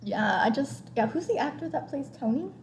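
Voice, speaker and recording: A higher-pitched woman chatting casually as a podcast co-host. She gushes, strings along fillers, and jumps into excited squeals. A faint hiss sits under her voice. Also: a little fast. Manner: chatty and gushing, many "like" fillers; bursts of excited high squeals. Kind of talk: casual chat.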